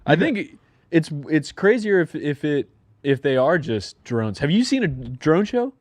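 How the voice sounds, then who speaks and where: A man's voice: fairly high pitch, sing-song, unhurried, darkish tone, no room sound. A man co-hosting a casual studio chat, laid-back and playful.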